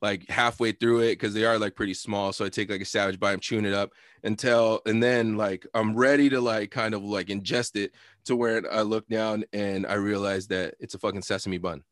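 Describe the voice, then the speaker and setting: A young man co-hosting a podcast, telling a long story in a loose, profane, animated way with lots of fillers. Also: on the low side, a little fast, dry recording, studio quality. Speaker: podcast co-host. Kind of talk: casual storytelling chat.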